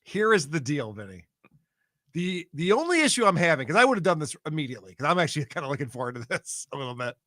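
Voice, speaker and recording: A man co-hosting a podcast in casual chat, laughing often through lively banter. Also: fairly high pitch, fast, no echo. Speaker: podcast co-host.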